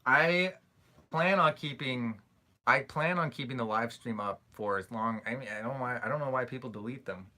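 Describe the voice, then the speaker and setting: A young man chatting casually on a live stream, reading out viewer questions and answering with loose, rambling replies and quick apologies. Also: medium pitch, bright, forceful tone. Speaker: YouTube creator answering live chat questions.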